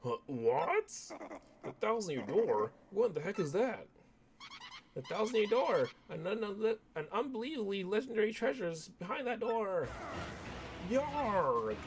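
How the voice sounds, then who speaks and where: A man's voice: high voice, wildly swooping pitch, slow, slight background noise, pitched above the performer's own voice, exaggerated voice. A man voicing a boastful, blustering villain king in a game. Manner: blustering and loud.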